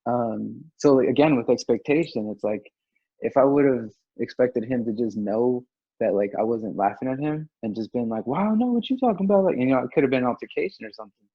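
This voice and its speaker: A man's voice: medium pitch, a little fast, creaky, no echo. A young man speaking as a podcast guest in casual group discussion, earnest and rambling with lots of filler words. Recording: dry, dull lo-fi audio.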